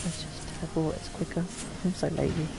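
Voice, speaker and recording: A woman's voice: low voice, fairly even intonation, a little fast, gravelly. A woman from the UK streaming a game, chatting casually, hesitant and self-deprecating as she talks to herself. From United Kingdom. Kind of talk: casual live game commentary.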